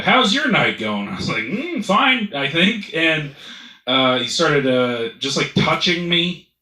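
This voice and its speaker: A man's voice: mid-range voice, pushed and bright, reverberant, poor audio. A man doing stand-up, telling a rambling, profane story and laughing at his own jokes. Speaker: stand-up comedian.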